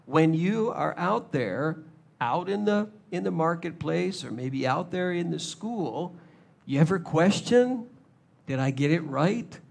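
Gravelly-voiced preacher. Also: male voice, on the high side, takes it slowly. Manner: animated, acts out little scenes in shifting voices. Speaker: pastor. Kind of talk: sermon.

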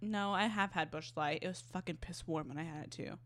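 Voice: mid-range voice, a little fast, fairly bright tone, no echo. A podcast co-host in casual chat, blunt and dry, with some swearing.

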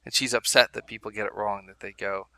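Bright-voiced man chatting casually. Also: lowish voice, steady tone, fast, vocal fry, no room sound. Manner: chatty, rambling, amused asides. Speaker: podcast co-host. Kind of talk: casual chat.

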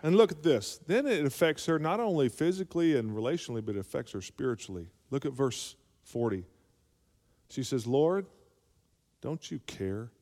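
A man's voice: medium pitch, brisk, a little mellow. A male pastor preaching a sermon, calling for amens and rising to emphatic peaks. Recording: long hall reverb.

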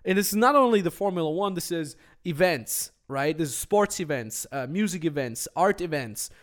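A man co-hosting a business podcast in casual, energetic chat, with jokey asides. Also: on the high side, normal speed. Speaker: podcast co-host.

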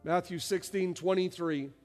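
A male pastor delivers a sermon in a strikingly high voice. He shifts between quiet, low stretches and loud, shouted passages. His voice rings through a long-reverb church hall over faint music. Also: fairly even intonation, a little slow.

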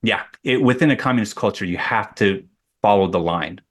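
A middle-aged man with a lowish voice tells a long personal story as an interview guest. He rambles and restarts often, circling back as he talks. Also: a little fast, fairly bright tone. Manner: rambling, with many restarts and fillers. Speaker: guest artist. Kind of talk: conversational storytelling.

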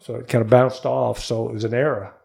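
A man's voice: medium pitch, fairly quick, creaky. A man, a guest in a studio interview, telling a long personal story and acting out the voices of the people in it. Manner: animated storyteller who acts out quoted voices.

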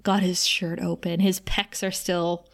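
A woman co-hosting a podcast, recapping an episode in casual chat with animated, giggly asides. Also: fairly low pitch, a little slow. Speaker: podcast co-host.

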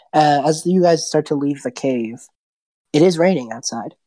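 A woman game master narrating a tabletop game in a relaxed, descriptive way. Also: sits low, a little slow, low-quality recording. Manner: relaxed, descriptive, some restarts.

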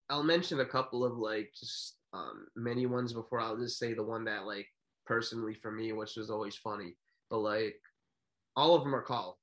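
A man co-hosting a podcast, telling stories in a casual, rambling, animated way. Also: medium pitch. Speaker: podcast co-host. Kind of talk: casual chat.

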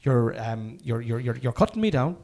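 A man's voice: medium pitch, animated, normal speed, creaky, darkish tone, slight background noise. A man hosting a casual podcast, joking and mock-stern as he swears freely. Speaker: podcast host.

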